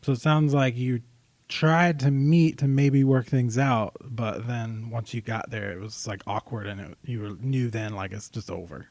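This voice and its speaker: A man's voice: mid-range voice, steady tone, unhurried, darkish tone, dry recording. A man co-hosting a casual podcast, teasing his friend and offering offhand readings of song lyrics. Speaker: podcast co-host.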